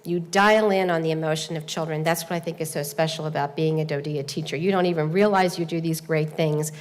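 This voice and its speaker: A woman hosting a seminar, giving an earnest formal speech to an audience, telling a story with pauses and fillers. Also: deep voice, fairly even intonation. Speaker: event host and presenter. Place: large hall at a speaking seminar. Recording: long hall reverb.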